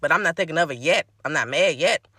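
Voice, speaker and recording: A woman's voice: sits low, animated, fast talker, sharp tone, breathy edge, dry recording. A woman telling a casual, exasperated storytime about a date.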